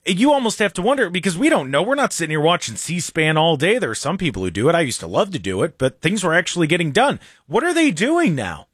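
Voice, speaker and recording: A male talk radio host in a studio, giving opinions in an animated, sarcastic way. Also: fairly high pitch, fast, hardly any pauses, breathy edge, no room sound. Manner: animated, sarcastic, mocks others in silly voices. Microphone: studio microphone.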